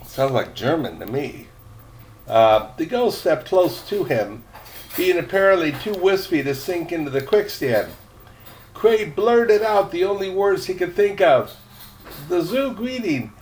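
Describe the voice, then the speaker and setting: A man's voice: a little high, expressive, measured pace, long pauses, a little mellow, slight background noise. An older man reading a chapter book aloud, rambling with chatty asides and many fillers. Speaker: storyteller.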